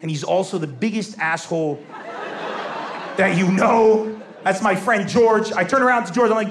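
High-voiced man doing lively stand-up. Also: normal speed. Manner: animated, acts out voices, laughing, shouting punchlines. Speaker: stand-up comedian. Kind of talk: stand-up comedy storytelling. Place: stage before a live audience. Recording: roomy venue with faint crowd and noise.

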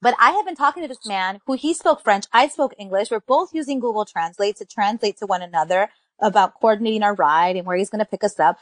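A woman's voice: mid-range voice, quick pace, hardly any pauses, no echo. A woman co-hosting a casual podcast chat, talking with enthusiasm and dropping in Spanish phrases. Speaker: podcast co-host.

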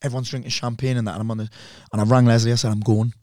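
Brief: male host, quick chatty delivery, dry studio sound. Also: mid-range voice, flat delivery, darkish tone, no echo. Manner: quick, chatty, interjects often. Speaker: podcast host. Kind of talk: casual interview chat.

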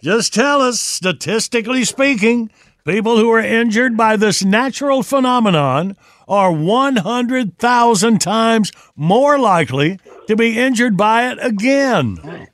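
A man hosting a morning radio show, with brisk, folksy, upbeat banter. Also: very high voice, animated, a bit bright, dry recording, clean studio sound.

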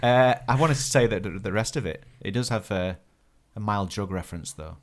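A man's voice: on the low side, brisk. A man co-hosting a fan podcast, chatting casually and joking around. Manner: joking, breaks into silly sung bits. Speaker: podcast co-host. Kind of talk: casual chat.

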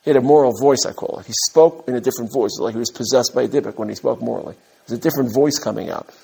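A man, from Brooklyn, giving an animated mussar talk to his students as a rabbi, with emphatic rises and humorous asides. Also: medium pitch, racing, vocal fry, breathy edge. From Brooklyn, USA. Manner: direct address to his students.

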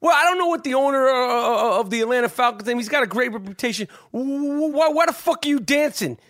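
A man hosting a podcast, talking sports in a profane, rambling, excitable way. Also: extremely high pitch, quick pace, no echo, clean studio sound. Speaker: podcast host. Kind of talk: casual sports chat.

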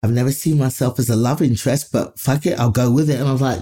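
A woman from Nigeria, a comedian, telling an anecdote in an interview with animated, profane delivery. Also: very deep voice, quick pace. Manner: animated, profane, acts out other people's voices. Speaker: comedian guest.

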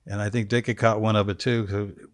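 A former football quarterback in his sixties sits as a studio guest telling laid-back, wry stories that trail off into long anecdotes. His voice is on the low side and flat, fairly quick, with no echo.

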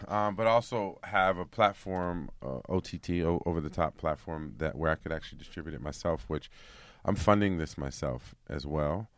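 A man's voice: very deep voice, moderate pace, hardly any pauses, no echo. A man from New York, a guest actor talking expansively in a casual podcast conversation, with lots of "you know.". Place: podcast booth.

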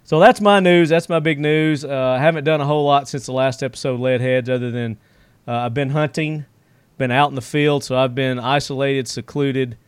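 A man's voice: mid-range voice, steady tone, moderate pace, clear, resonant tone, dry recording. A man hosting a casual podcast, telling stories in a rambling way with lots of fillers and frequent chuckles. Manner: rambling storyteller, many fillers, chuckles often. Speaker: podcast host.

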